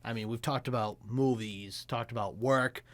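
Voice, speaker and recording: A man's voice: mid-range voice, steady tone, moderate pace. A man co-hosting a podcast in casual chat, laughing often and swearing in jokes. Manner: laughs often, crude and joking. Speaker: podcast co-host.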